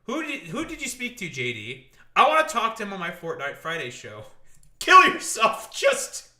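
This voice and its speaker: A man hosting a live stream, mocking and cursing his way through a rant. His voice rings bright and slightly high, and the room gives it a noticeable echo. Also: huge pitch swings, normal speed. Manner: mocking, profane, laughs a lot.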